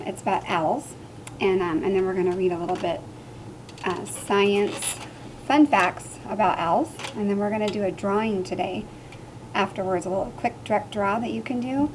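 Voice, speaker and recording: A woman teacher reading a picture book aloud to children, making loud high animal sounds. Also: noisy background.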